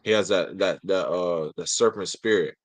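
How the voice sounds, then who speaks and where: A man's voice: low-pitched, normal speed, dry recording, rough recording. A man in a casual religious discussion, talking bluntly and emphatically with some profanity.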